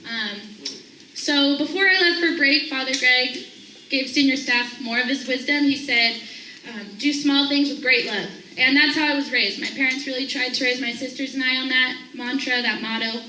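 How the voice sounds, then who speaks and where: She speaks in a high, bright voice, animated as she tells a personal story to a group. She acts out each person's lines as she goes. The sound is roomy, picked up from across an echoey room. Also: normal speed, distant mic, slight background noise. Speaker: staff member sharing a morning thought.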